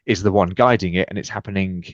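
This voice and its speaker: A British man with a very low voice recounts his own stories with energy, jumping into lively acted dialogue. The sound is dry and close, with a muffled, dull edge to the audio. He talks as a guest in a relaxed podcast conversation. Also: quick pace, no echo. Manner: energetic, acts out quoted exchanges with lively shifts. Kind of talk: animated storytelling in conversation.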